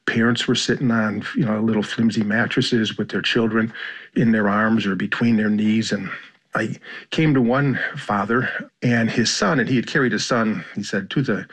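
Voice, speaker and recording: An American man speaking as a journalist guest in an interview, measured and thoughtful, with many "you know" and "kind of" fillers. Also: lowish voice, husky. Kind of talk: reflective interview talk.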